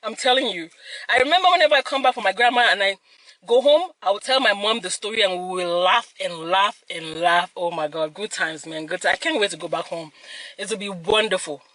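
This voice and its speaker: A young woman hosts a mukbang, telling a story in a lively, laughing way and dropping in Yoruba phrases. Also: medium pitch, a little fast, no echo, rough recording. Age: young adult. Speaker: mukbang host. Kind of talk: casual storytelling while eating.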